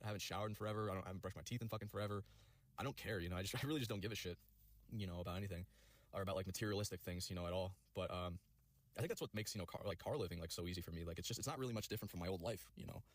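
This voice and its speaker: A man tells a long personal story at breakneck speed, swearing constantly and piling up fillers. His voice sits somewhat low. The sound is dry and close to the mic. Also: no echo. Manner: rapid, profane, rambling with many fillers. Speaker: vlogger telling a personal story. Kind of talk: rambling storytelling.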